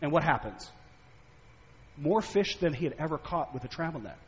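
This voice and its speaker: A male preacher giving a sermon, telling stories and asking animated rhetorical questions. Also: on the high side, normal speed, breathy edge. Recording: echoey hall, dull lo-fi sound.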